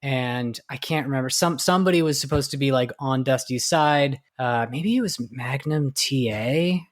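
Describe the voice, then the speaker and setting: Speaking at normal speed in a mid-range voice, a male podcast co-host rambles casually while recounting things, leaning heavily on "like" and "you know" and making frequent fillers and restarts.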